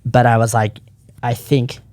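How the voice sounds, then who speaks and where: A man's voice: mid-range voice, level tone, unhurried, a little mellow, no room sound. A man in his thirties, a podcast co-founder, telling his personal story in casual chat, earnest and rambling with frequent restarts.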